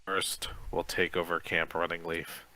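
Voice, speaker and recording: A man's voice: low-pitched, flat delivery, measured pace, pushed and bright, voice pushed down. A man reading the lines of a scheming, gloating camp coach villain from a children's gamebook, in his own voice.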